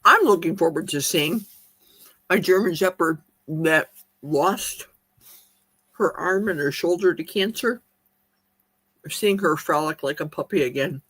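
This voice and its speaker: A woman's voice: fairly low pitch, measured pace, pauses often, a bit bright, slightly rough, no room sound. A woman chatting casually on a live stream, eating as she talks and reading viewer comments aloud in her kitchen. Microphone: streaming mic.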